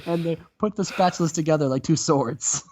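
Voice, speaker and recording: A man hosting comedic let's-play commentary, telling the story in an animated way and laughing often. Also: a little high, brisk, noisy background. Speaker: host.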